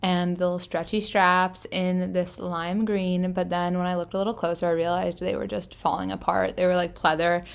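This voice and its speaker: A woman's voice: on the low side, little pitch movement, normal speed, creaky, hardly any pauses, smooth. Chatty young woman narrating a thrift haul. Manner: chatty, enthusiastic, lots of "like" fillers. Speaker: fashion vlogger. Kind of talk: casual thrift-haul voice-over.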